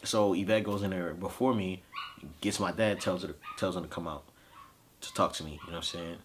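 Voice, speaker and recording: Deep-voiced grieving man telling a story. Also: fairly even intonation, background noise. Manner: emotional, halting, frequent fillers. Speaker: podcast host. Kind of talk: personal storytelling.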